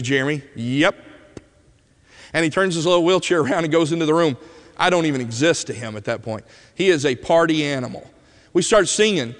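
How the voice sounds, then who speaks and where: A man preaching a sermon as an animated storyteller who swings from loud bursts to hushed moments, in a church sanctuary. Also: fairly high pitch, long reverb tail.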